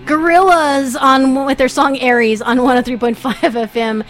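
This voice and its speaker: A woman's voice: sits high, fairly even intonation, normal speed. A woman co-hosting a late-night music radio show, chatting playfully and gushing about the songs. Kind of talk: casual radio banter.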